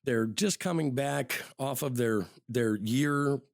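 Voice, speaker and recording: A man's voice: mid-range voice, slow pace, creaky, no echo, clean studio sound. A man hosting a podcast, telling a true-crime story in a loose, conversational way, often repeating words and saying "you know". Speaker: podcast host.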